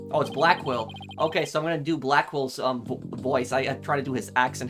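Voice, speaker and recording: A man's voice: medium pitch, steady tone, fairly quick, few pauses. A man hosting a video game playthrough, chatting casually to viewers with lots of fillers. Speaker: let's play host. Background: game music.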